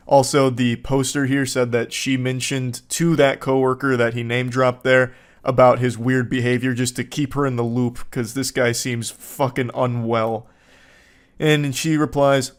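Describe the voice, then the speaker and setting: A man's voice: medium pitch, steady tone, normal speed. Sarcastic man doing reaction commentary. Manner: sarcastic, swearing, mocking reads of quoted texts. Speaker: commentary host. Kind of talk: reaction commentary reading texts aloud.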